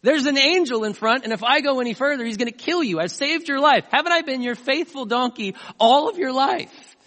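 A man voicing a faithful female donkey who pleads with her master, pushing his voice up high and speaking urgently. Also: fairly quick, pushed and bright. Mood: pleading. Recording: long hall reverb.

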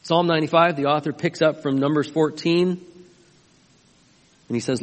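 A man's voice: fairly high pitch, fairly even intonation, a little slow, long pauses, in a large hall. A man preaching a sermon as pastor, emphatic and often asking his listeners questions. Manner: emphatic, asks the congregation questions.

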